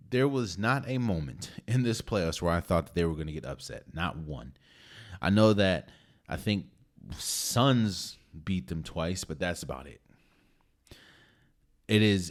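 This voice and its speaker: Deep-voiced man giving emphatic sports takes. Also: measured pace. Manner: emphatic, ranking teams with conviction. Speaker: podcast host. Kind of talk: casual sports opinion monologue.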